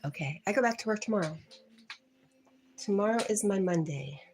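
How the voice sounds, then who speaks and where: A woman's voice: mid-range voice, lively intonation, normal speed, darkish tone, slightly rough. A woman with a Southern US accent hosting a casual livestream, reading viewer comments aloud, laughing often and talking to her pet. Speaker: livestream host.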